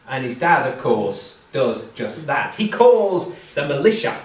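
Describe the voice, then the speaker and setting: Lively man telling a story to a crowd. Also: medium pitch, unhurried, few pauses. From Britain. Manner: chatty, asides and questions to the audience. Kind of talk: live oral storytelling to an audience. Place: indoor event hall. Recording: roomy hall from far off.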